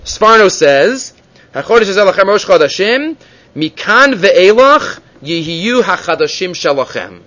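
Animated man giving a Torah lecture. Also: high-pitched, low-quality recording. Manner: animated, rising and falling for emphasis, Hebrew terms woven in. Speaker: Torah teacher.

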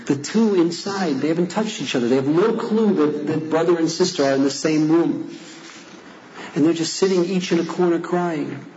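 A man's voice: mid-range voice, darkish tone, roomy sound, a little hiss or hum. A man teaching a class, earnestly reading verses aloud and translating them. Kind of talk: lecture explaining liturgical poems. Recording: dull lo-fi recording.

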